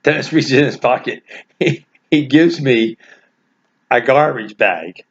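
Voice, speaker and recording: A man casually telling a family anecdote, animated and laughing through his own story. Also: medium pitch, unhurried. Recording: dull lo-fi recording.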